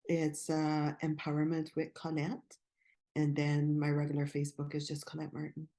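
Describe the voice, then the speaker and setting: A woman from Canada, a guest speaking earnestly and fervently about her own journey, with some halting restarts. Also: deep voice, completely flat delivery, dark tone. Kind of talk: personal testimony in interview.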